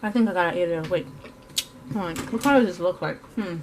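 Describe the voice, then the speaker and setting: A woman with a fairly low voice talks a little fast against a noisy background. She's an art vlogger chatting casually, rambling along with many fillers and self-corrections, and occasionally speaking mid-bite.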